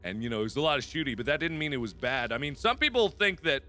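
A young man in his twenties giving excitable, jokey let's play commentary and talking to himself as he plays. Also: medium pitch, fast. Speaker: gaming video host.

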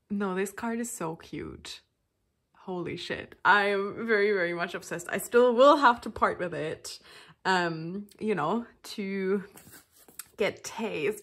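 A woman chatting casually to camera while unboxing, gushing and excitable, breaking into gasps and laughs. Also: medium pitch, takes it slowly. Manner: chatty and rambling, with fillers and restarts. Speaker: vlogger.

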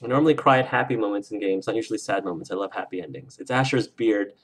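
A man's voice: lowish voice, fast. A man hosting a game livestream, chatting casually with viewers in an effusive, emotional way. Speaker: let's play streamer.

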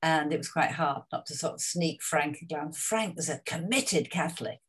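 A woman's voice: low voice, normal speed, breathy edge. An older actress reflecting on her career in an interview, chatty and anecdotal, with many asides.

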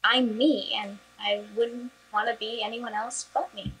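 A woman's voice: a little high, steady tone, a little slow, a bit bright, slight background noise, low-quality recording. A teenage girl telling her own story in a sassy, defiant, chatty way, often saying "like". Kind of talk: recorded personal story.

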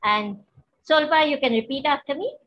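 A woman leading a guided healing practice, gentle and instructive, often checking that her listeners follow. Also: sits high, brisk. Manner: gentle, instructive, asks for confirmation. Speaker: spiritual teacher. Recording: dull, lo-fi.

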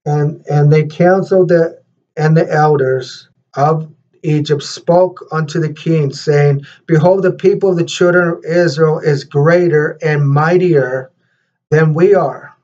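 A man, a minister and host, leading prayer and reading scripture in a halting way, repeating words with many fillers. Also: fairly high pitch, steady tone. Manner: reads scripture slower and louder. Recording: dull lo-fi recording.

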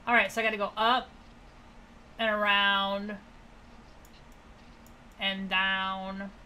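A woman's voice: mid-range voice, level tone, takes it slowly, bright, forceful tone, a little hiss or hum. A young woman casually thinking aloud and joking sarcastically with her chat while she streams a puzzle game. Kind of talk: casual let's-play commentary to chat.

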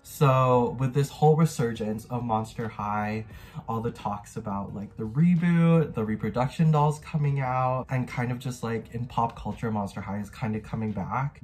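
A man's voice: medium pitch, darkish tone. A young man in his twenties chatting casually for his vlog, bubbly and gushing, with lots of filler words. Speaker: YouTuber.

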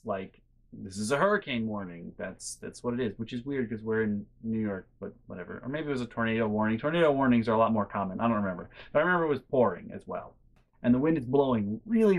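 A vlogger telling a casual story from their bedroom, rambling with many fillers, swearing freely, and sounding exasperated and incredulous. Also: medium pitch. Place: bedroom at home.

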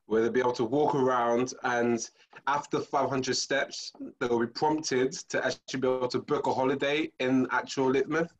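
A male student pitching a campaign idea on a video call, hesitant and searching for words. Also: steady tone, moderate pace. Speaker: student presenter. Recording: muffled lo-fi audio.

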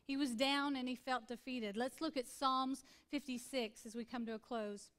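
A woman's voice: high-pitched, steady tone, normal speed, a bit bright. A woman pastor in her forties preaching a sermon in an earnest, conversational way, repeating points for emphasis.

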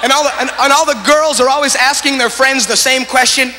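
Guy doing standup in pidgin accent, real high voice, long hall echo and noise. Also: steady tone, brisk. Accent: Hawaiian Pidgin. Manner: chatty, keeps asking the audience "you know?". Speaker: standup comedian. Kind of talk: standup routine. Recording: live stage recording with reverb and noise.

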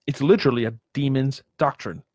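A man's voice: mid-range voice, a little fast, a little mellow, no echo. A man preaching a sermon, emphatic, with many rhetorical questions and repeated words.

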